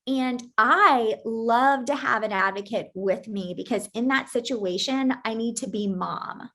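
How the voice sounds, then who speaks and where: A woman's voice: fairly high pitch, unhurried, fairly bright tone. A woman who is a psychologist and a mother, chatting earnestly and repeating words for emphasis. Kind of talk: casual chat.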